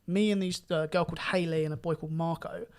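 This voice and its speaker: A young man telling his story in a casual podcast chat, animated and swearing now and then. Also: a little high, quick pace, smooth. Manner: animated, rising loud when excited, swears casually. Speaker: podcast guest karate champion.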